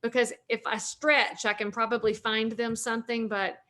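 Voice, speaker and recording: A woman's voice: on the high side, level tone, normal speed, bright, forceful tone. A woman in her forties from North Carolina with a Southern US accent, a realtor and author talking at length in a casual interview, upbeat and joking.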